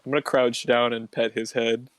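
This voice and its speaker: A man playing a tabletop game in a casual, deadpan, joking way. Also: medium pitch, normal speed, no echo. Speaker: player.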